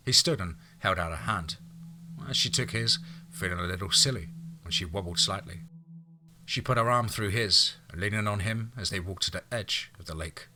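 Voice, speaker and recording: A man narrates an audiobook in a steady, measured telling. His voice sits low yet rings very bright and forward. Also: slight background noise.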